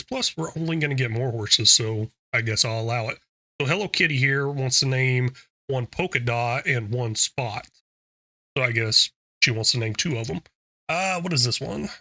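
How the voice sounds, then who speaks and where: A young man chats his way through a farming game, relaxed and thinking out loud. His voice is bright and forward, recorded close on a dry mic with no room sound. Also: mid-range voice, dry recording. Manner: relaxed, chatty, thinks aloud. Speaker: gaming YouTuber. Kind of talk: casual gameplay commentary.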